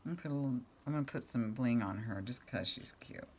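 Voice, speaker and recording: A woman's voice: very deep voice, fast, a little mellow, slight background noise. A middle-aged woman chatting casually as she makes crafts at home, rambling and talking to her cat now and then. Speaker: craft vlogger.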